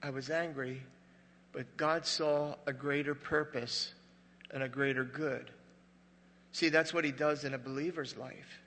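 A man in his sixties, a pastor preaching a sermon and sharing a personal story with emotion, swinging from loud emphatic peaks to hushed grief. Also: fairly high pitch, fairly even intonation, moderate pace. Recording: reverberant hall.

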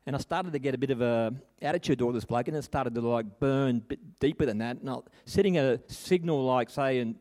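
A man's voice: medium pitch, a little fast, hardly any pauses, darkish tone. A middle-aged man preaching a sermon, telling a personal story in an earnest, conversational way with frequent restarts and tag questions.

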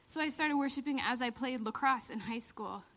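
Animated high-voiced woman telling a story. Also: normal speed. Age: 30s. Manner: animated, laughing storyteller who acts out quotes. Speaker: church speaker. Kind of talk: storytelling sermon.

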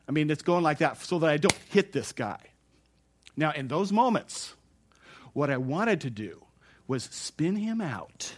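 Animated preaching man telling stories. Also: a little high, measured pace. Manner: animated storytelling, chuckling and exclaiming. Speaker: pastor. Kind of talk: sermon.

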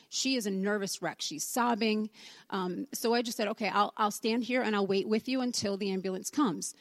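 Woman, church testimony, chatty storyteller, mid pitch, dry close sound. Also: brisk, no room sound. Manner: conversational storytelling, acts out the dialogue. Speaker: church member giving a testimony. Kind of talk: personal testimony told as a story.

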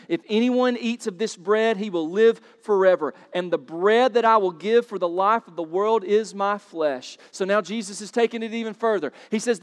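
A man with a fairly high voice preaches from the pulpit, firing rhetorical questions at the congregation. He swings from quiet explanation into loud, emphatic bursts. His voice rings out with the long reverb of a church sanctuary. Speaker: pastor. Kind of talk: sermon.

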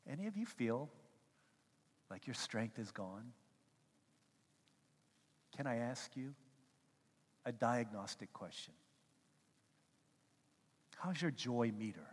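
A male pastor preaching a sermon, telling animated stories and acting out quotes as he goes. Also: medium pitch, husky. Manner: animated storytelling with acted-out quotes. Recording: long hall reverb.

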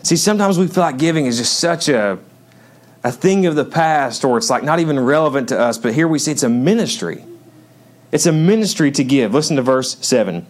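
A man's voice: a little high, expressive, brisk. A male pastor giving a sermon, conversational and joking with the congregation, then reading scripture with rising emphasis.

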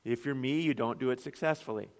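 A man's voice: medium pitch, fast. A man, a pastor, preaching an earnest sermon full of rhetorical questions. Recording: long hall reverb.

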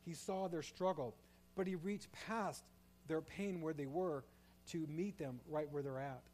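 A male pastor preaching a sermon, moving from quiet, reflective passages to loud, impassioned pleas. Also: a little high, a little slow, slight background noise.

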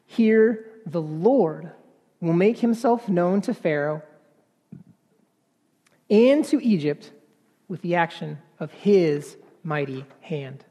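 In an earnest, halting sermon, a man repeats words before building into emphatic passages. His voice sits high and is expressive, heard in a big-room sound on a muffled recording.

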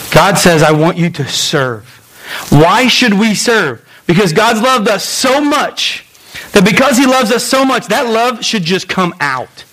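A man pastor preaching a sermon in a lively storytelling way, acting out voices and making quick asides. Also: a little high, low-quality recording.

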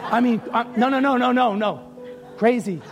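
A male pastor preaching a sermon in church, passionate and often shouting, stretching out his phrases, then dropping to a low confiding tone. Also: moderate pace, faint music behind, some chatter behind. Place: church sanctuary.

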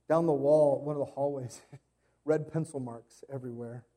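A man's voice: mid-range voice, fairly even intonation, moderate pace, mellow. A man in his thirties, a pastor giving a sermon, telling stories in a casual, conversational way with playful impressions.

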